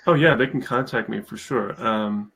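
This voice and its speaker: In poor audio, a man with a husky, fairly bright voice on the low side talks at a moderate pace. He's the founder of a mentorship program, appearing as a guest in a casual live-stream interview, enthusiastic, rambling and full of fillers.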